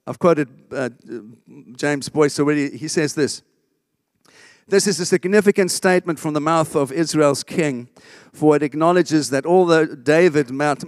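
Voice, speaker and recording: A pastor with a mid-range voice preaches a sermon emphatically, frequently calling on the congregation for an amen. The recording is clean studio sound with no room sound.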